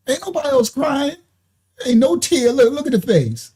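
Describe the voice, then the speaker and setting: A woman's voice: high-pitched, very animated, normal speed, mellow, husky. A woman hosting a live reaction stream at her computer, chatty and mocking, laughing often and using plenty of slang. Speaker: livestream host. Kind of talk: reaction commentary livestream. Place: at a computer, sharing her screen.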